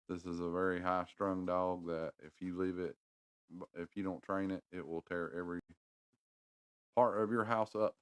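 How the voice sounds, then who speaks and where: A man's voice: sits low, steady tone, measured pace, long pauses, clean tone, no room sound. A middle-aged man with a North Carolina Southern accent, chatting casually on a livestream in a rambling, folksy way and talking to his viewers. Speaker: livestream host.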